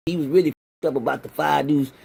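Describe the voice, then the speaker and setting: Man, raspy, husky high voice, streetwise prison storyteller, profane, casual. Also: steady tone, quick pace, a little mellow. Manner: blunt and streetwise, acts out the other men's lines. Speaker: former inmate telling prison stories.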